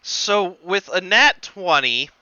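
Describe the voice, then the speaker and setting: Man, game master, tabletop narration, slow pace, lots of fillers, slightly higher pitch. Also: smooth, no echo, highs cut off. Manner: relaxed, halting with many fillers.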